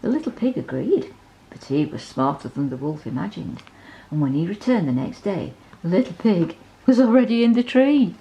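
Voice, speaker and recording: A woman reading a bedtime story aloud, gently asking the child to look at the pictures. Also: fairly low pitch, sing-song, moderate pace, highs cut off.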